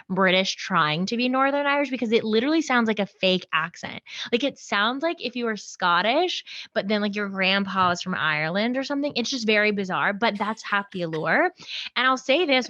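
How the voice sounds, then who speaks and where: A young woman from Birmingham co-hosts a podcast, rambling in animated bursts and laughing often. Her voice is bright and forward, and it is recorded dry with slightly muffled, lo-fi sound. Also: medium pitch, no echo. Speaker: podcast co-host. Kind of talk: casual chat.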